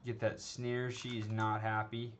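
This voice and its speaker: A man's voice: on the low side, monotone, takes it slowly, a bit bright, slight background noise. A man teaching an animation tutorial in a loose, conversational way, often checking in with "okay?" and "right?" and restarting his sentences. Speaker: animation instructor. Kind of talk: screen-recorded tutorial, casual teaching.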